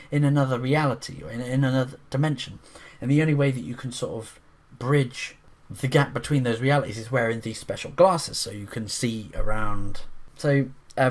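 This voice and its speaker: A man reviewing a film in a casual, rambling monologue, restarting his sentences often and getting excited about the scenes he describes. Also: mid-range voice. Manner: rambling, with frequent restarts and fillers; enthusiastic, breaks into quick voices.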